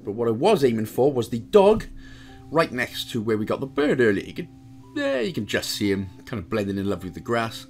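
A man's voice: brisk, faint music behind. A man from Wales giving casual, joke-filled commentary as he walks through a video game guide. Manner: chatty, jokey asides, lively pitch swings.

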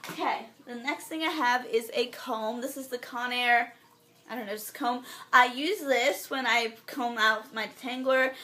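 A teenage girl chatting through her favorite products in a casual vlog, bubbly and gushing, rambling and often trailing off into soft asides. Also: fairly high pitch, slight background noise. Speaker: beauty vlogger.

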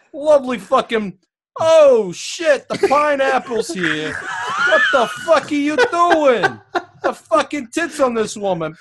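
A man's voice: very high-pitched, a bit bright, a little hiss or hum, full character voice. A man doing a brash stereotypical Italian tough guy. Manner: profane, brash, laughing through lines. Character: crude loud Italian-American tough guy, middle-aged. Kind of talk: comic movie dub over a film.

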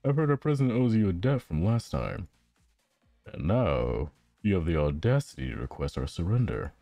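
A man's voice: low voice, very animated, normal speed, vocal fry, dark tone, dry recording, soft background music, heavily acted. A man reading aloud the lines of a polite, scheming teenage girl agent from a game, in his own voice. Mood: taunting.

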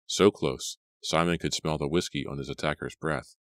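A man reading a horror audiobook in a measured, steady narration. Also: a bass voice, no room sound, clean studio sound. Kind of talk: scripted narration.

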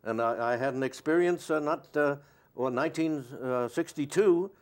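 Older man, actor guest, rambling, anecdotal, halting interview chat. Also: fairly high pitch. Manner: rambling and anecdotal, many fillers.

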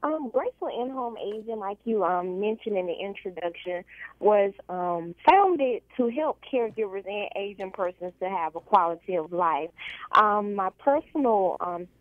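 A woman calling in as a radio guest, talking earnestly about her caregiving business with frequent pauses. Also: mid-range voice, animated, dry recording. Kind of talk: phone-in interview. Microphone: telephone. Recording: tinny dry phone line.

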